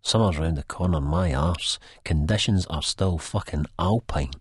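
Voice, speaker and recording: Deep husky Scottish man, first-person audiobook reader, dry close sound. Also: moderate pace, no echo. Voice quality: broad dialect delivery, sweary and blunt. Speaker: audiobook narrator.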